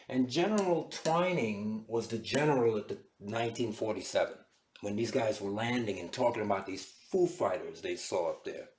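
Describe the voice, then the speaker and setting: A man giving an animated, storytelling lecture to a class. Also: on the low side, moderate pace, a little hiss or hum. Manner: animated, dramatic retelling. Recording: echoey room.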